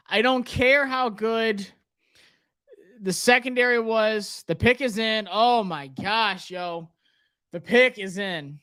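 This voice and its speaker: A man's voice: high voice, takes it slowly, clear, resonant tone. Anxious young man reacting live. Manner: anxious, excited, talks to himself. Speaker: sports livestream host. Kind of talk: live draft reaction stream.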